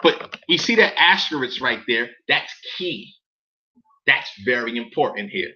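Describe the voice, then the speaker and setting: Unhurried but animated, a mid-range male commentator reads documents out loud for his viewers in a bright, edgy tone. He keeps turning to his audience with incredulous questions and casual swearing. The audio is muffled and lo-fi.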